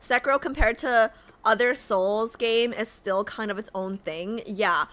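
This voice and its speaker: A woman streamer chatting casually with her live chat, rambling, with lots of "like" and sudden loud rants. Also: on the high side, a little slow. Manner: rambling, heavy use of "like", flares into loud rants.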